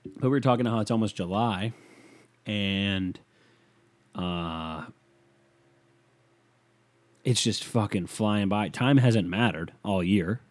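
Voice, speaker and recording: A young man rambles through his solo podcast in a low voice, swearing freely and trailing off into mumbled asides. His delivery is loose and deadpan. The sound is dry and close, with no room around it. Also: takes it slowly, long pauses, no room sound. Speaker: podcast host. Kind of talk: casual solo podcast rant.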